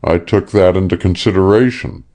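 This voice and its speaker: A man's voice: sits low, normal speed, a little mellow, pitched above the performer's own voice. A man doing a formal, apologetic manager. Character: apologetic male company manager.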